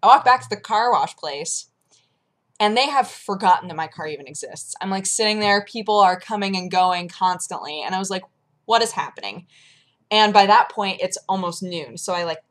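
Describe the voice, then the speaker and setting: Animated young woman telling a story. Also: mid-range voice. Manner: animated storytelling, acts out her own reactions. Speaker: vlogger. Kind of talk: casual chat.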